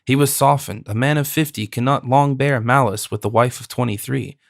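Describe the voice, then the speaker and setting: A man narrating a classic novel audiobook in a measured, even reading. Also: mid-range voice, creaky, no echo, studio quality. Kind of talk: scripted narration.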